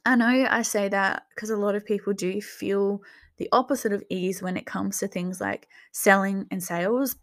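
A young woman hosting a coaching talk, gently guiding listeners through reflective questions. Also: mid-range voice, steady tone, normal speed. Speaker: business coach and podcast host.

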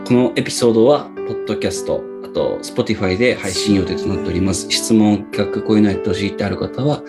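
Fast-talking man host with guitar music. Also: fairly low pitch. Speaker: podcast host. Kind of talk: casual chat and show sign-off.

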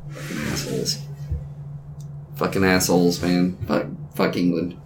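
Loud and crude, a man trades mocking, profane banter with a friend, laughing often. His voice sits low and moves at a measured pace. There's a noisy background and a roomy echo.

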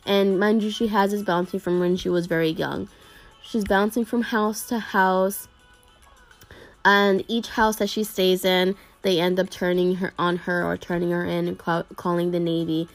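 A woman's voice: lowish voice, little pitch movement, normal speed, soft background music. A woman retelling a story to her viewers in a casual, rambling way, full of fillers and restarts. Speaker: anime video creator talking to viewers.

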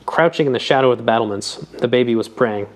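A man reading a novel aloud in a measured, even narration. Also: medium pitch. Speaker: audiobook reader. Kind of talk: scripted narration.

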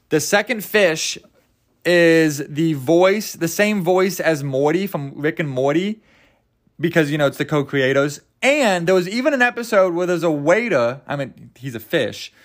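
Rambling jokey young man. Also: on the high side. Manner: rambling, jokey, stumbles over words. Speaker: podcast host. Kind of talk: casual solo podcast chat.

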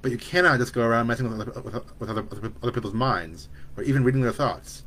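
A man reading the part of a worried, loving young mother who speaks gently but firmly to her son. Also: medium pitch, fast talker. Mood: firm, gentle.

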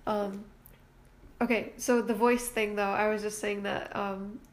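A woman's voice: mid-range voice, little pitch movement, a little slow, slight background noise. A woman co-hosting a casual podcast, her voice nasal and congested from allergies, laughing often and swearing casually. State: stuffy from allergies. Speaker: podcast co-host. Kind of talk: casual chat. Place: home room with her sisters.

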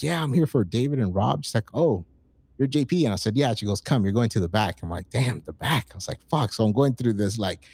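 A man in his forties telling stories in casual, profane chat, acting out quoted lines with excitement. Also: medium pitch, no echo. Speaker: podcast guest.

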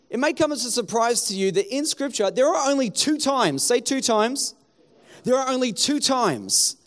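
A man, preaching a sermon as pastor and acting out the townspeople he quotes. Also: high-pitched.

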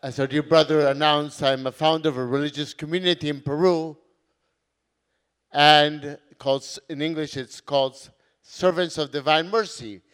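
A middle-aged man, a priest, giving an earnest conference sermon, slow overall with sudden loud emphatic words. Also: a little high, fairly even intonation, clean tone. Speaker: priest and community founder.

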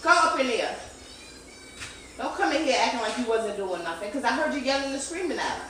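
A woman hosting a podcast from home in casual chat, blunt and profane, scolding loudly at times. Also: on the high side, lively intonation, fairly quick, a crowd in the background. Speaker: podcast host. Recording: noisy background.

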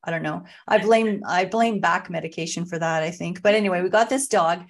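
A woman's voice: fairly low pitch, a little fast. A middle-aged woman, a podcast guest and author, telling funny family stories in a casual chat and laughing as she goes. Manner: animated, laughs through her stories.

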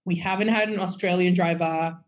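A woman co-hosting a podcast in casual chat, animated, breaking into sung bits and mock quotes. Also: on the low side, a little fast, lo-fi sound. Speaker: podcast co-host.

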